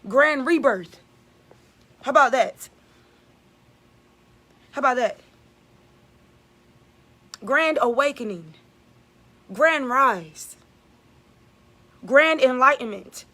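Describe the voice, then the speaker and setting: A woman's voice: sits high, expressive, extremely slow, long pauses, pushed and bright. A woman giving an emphatic, repetitive spiritual vlog monologue as a channeler.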